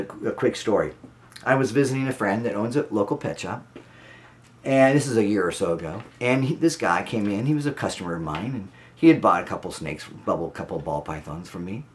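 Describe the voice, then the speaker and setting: A man's voice: on the low side, darkish tone. A man, a snake breeder, giving a blunt, emphatic class on keeping ball pythons, repeating his instructions. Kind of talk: instructional talk to camera.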